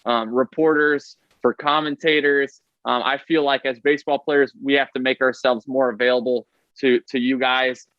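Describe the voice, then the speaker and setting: A man's voice: mid-range voice, little pitch movement, no echo. Man, ballplayer guest, rambling storyteller, muffled, dry. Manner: fast, chatty, lots of fillers and "right?". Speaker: baseball player guest. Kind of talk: casual podcast storytelling.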